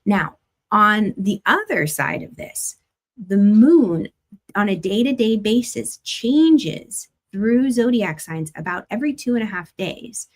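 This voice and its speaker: A woman astrologer talks through a weekly forecast in a casual, chatty way. Her voice sits at an ordinary middle pitch, and she drops in plenty of "like" fillers and soft laughs as she explains. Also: animated, takes it slowly. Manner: chatty and gentle, many "like" fillers, light laughs. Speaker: astrologer host. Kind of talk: casual spiritual forecast talk.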